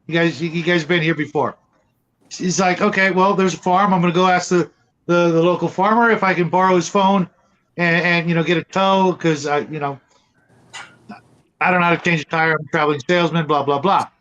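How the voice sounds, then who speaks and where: A man telling a long joke in casual chat, halting and often repeating words. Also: sits high, fairly even intonation, fairly bright tone. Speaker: host. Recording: muffled lo-fi audio.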